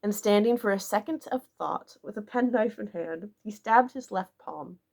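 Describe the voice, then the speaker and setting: This is a woman reading a classic novel aloud as an audiobook. Her delivery is measured and expressive, and she shapes each sentence with care. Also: mid-range voice, vocal fry. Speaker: audiobook narrator.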